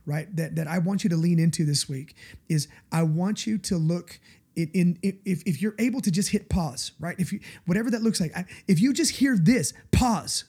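A man's voice: high-pitched, normal speed, darkish tone, husky. A male pastor giving a conversational sermon, earnest and confessional, often turning to the listeners for agreement.

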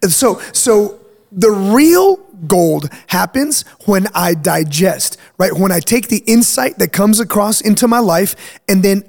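A man's voice: high voice, animated, takes it slowly, vocal fry, a little mellow. A man hosting a faith podcast as pastor, talking in an emphatic, preachy way and checking in with "right?" as he explains. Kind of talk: casual chat.

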